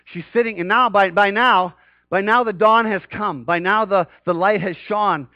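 A man preaching a sermon to a congregation in an animated way, often rising louder and higher in pitch to stress a point. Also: moderate pace, no room sound. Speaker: pastor.

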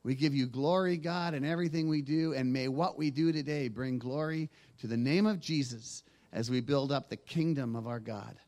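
A man's voice: medium pitch, moderate pace, few pauses, darkish tone. A man leading a congregation in earnest spoken prayer during a church worship service. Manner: earnest, flowing prayer cadence. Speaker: worship leader. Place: church sanctuary.

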